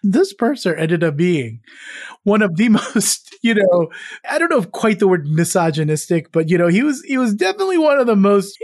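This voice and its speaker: Male podcast co-host, casual storyteller, higher-pitched, dry close recording. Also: darkish tone, no room sound. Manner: chatty, laughs often, many restarts. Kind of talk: casual travel chat.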